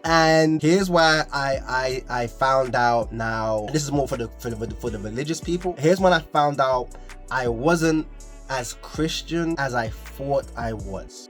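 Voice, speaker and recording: A young man with a London accent frankly telling his own life story to camera, animated and rising in pitch when exasperated. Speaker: vlogger sharing his story. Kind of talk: candid personal talk to camera.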